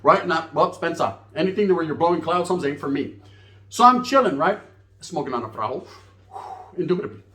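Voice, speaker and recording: High-pitched man telling a rambling story. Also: expressive, a little fast, pushed and bright, roomy sound. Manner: profane, rambling, acts out voices. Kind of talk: casual comic storytelling.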